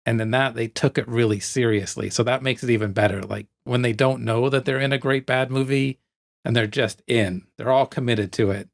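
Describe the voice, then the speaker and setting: A man co-hosting a movie podcast, talking in a relaxed, easygoing way. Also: medium pitch, fairly quick, gravelly. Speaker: podcast co-host. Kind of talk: casual movie chat.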